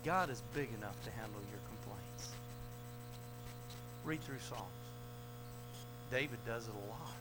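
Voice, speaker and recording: A man preaching a sermon, swinging from loud, raised retellings of scripture to low, quiet asides, with an American accent. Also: measured pace, pauses often, poor audio. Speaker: pastor. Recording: mains hum behind the voice.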